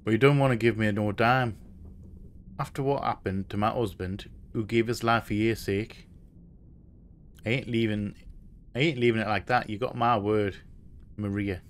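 A man voicing an indignant widow who demands money, reading her game letter aloud in a put-on accent with rough, slangy grammar. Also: fairly low pitch, steady tone, normal speed, pauses often, a little hiss or hum, close to an everyday voice.

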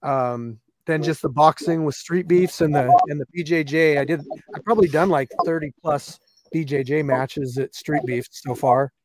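A man's voice: a little high, moderate pace. A man who is a guest fighter, telling stories in an easygoing, chatty way during an interview. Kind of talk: casual interview.

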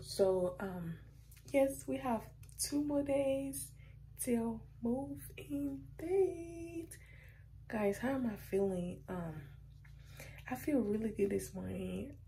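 A young woman in her late teens vlogging at home in casual, chatty, upbeat talk full of slang, now and then dropping into soft whispery asides. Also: mid-range voice, gravelly, slight background noise, poor audio. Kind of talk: casual vlog chat to camera.

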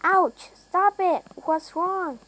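A woman's voice: high voice, a little slow, background noise. A woman reading the lines of an upset young boy in a children's storybook. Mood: cross.

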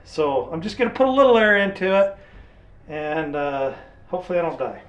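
A man's voice: a little high, animated, brisk, fairly bright tone. A man talking casually to the camera as he works on an old truck, practical and dryly joking. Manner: easygoing, practical, dry humor. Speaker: mechanic vlogger. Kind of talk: casual shop talk to camera. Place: garage and outdoor yard.

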